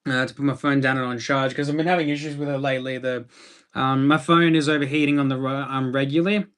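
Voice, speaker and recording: A man's voice: mid-range voice, fairly even intonation, fast talker, a bit bright. An Australian man chatting casually on a livestream, laid-back and rambling as he answers viewer comments.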